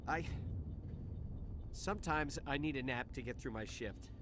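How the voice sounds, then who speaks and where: A man's voice: medium pitch, measured pace, lightly acted. An actor playing a nervous male dock worker and smuggler who stammers and gets defensive. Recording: game audio with noise underneath.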